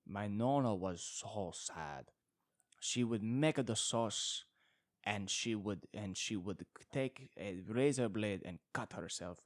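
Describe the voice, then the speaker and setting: A man voicing a melodramatic mock-Italian man with a fake Italian accent, slow and theatrical. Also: fairly low pitch, no room sound, studio quality. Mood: rapturous. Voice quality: slow, theatrical, drawn-out delivery.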